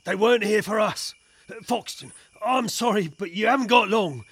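An actor playing a commanding gentleman detective with a brisk, authoritative manner. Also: sits high, slightly rough. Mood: stern.

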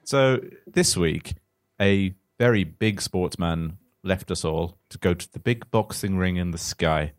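A man's voice: low-pitched, unhurried, hardly any pauses, no echo, studio quality. A man hosting a comedy chat who reads his own silly story aloud and laughs often.

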